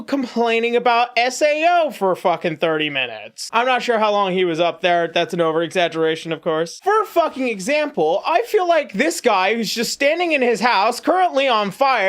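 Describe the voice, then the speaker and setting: A man delivers a comedic commentary rant. He swears constantly and is sarcastic, often restarting his sentences mid-thought. His pitch is mid-range and unremarkable. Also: expressive, a bit bright. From United States. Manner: crude, profane, sarcastic, halting restarts. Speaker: YouTube commentator.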